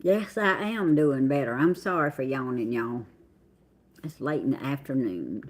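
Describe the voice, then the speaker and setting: Husky Southern woman chatting on a livestream. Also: extremely low pitch, expressive, measured pace. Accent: Southern American. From Southern United States. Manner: drawling, chatty, reads out viewer names. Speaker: livestream host. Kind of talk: casual live chat greeting viewers.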